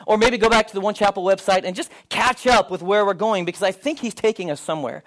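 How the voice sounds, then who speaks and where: A middle-aged male pastor preaching a sermon, telling stories and acting out the dialogue in them. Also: quick pace. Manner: animated storyteller, acts out dialogue with rising pitch. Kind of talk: sermon with storytelling.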